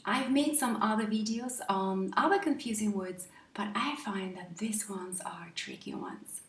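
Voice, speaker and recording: A woman's voice: mid-range voice, big pitch swings, unhurried, roomy sound, distant mic. A woman teaching English grammar to viewers in a patient way, often stopping to ask them questions.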